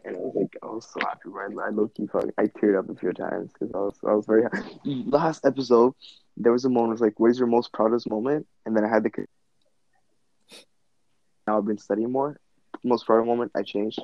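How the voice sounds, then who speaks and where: Young man with a gravelly husky voice. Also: on the low side, fairly even intonation, fairly quick, no room sound, muffled recording. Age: young adult. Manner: rambling, laughing, swearing, says "bro" and "dude". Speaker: podcast host. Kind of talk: casual chat with friends.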